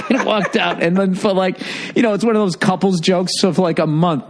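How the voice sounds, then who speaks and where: Brief: man, slightly high voice, very lively pitch, profane teasing riffs, casual podcast chat. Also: moderate pace, a little hiss or hum. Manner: profane, animated riffing and teasing. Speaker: podcast co-host.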